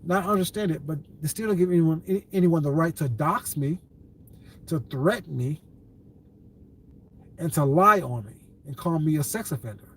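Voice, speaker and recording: A man's voice: a little high, animated, normal speed, pauses often, a bit bright, slightly rough. A man hosting a casual livestream, answering his viewers' comments in a blunt, dismissive way and calling them baby. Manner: laughs often, talks back to chat.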